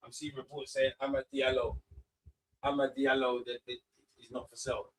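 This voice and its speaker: A man's voice: mid-range voice, fairly even intonation, fairly quick, a little hiss or hum. A man, rambling through casual live football watch-along commentary with slangy banter. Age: 30s.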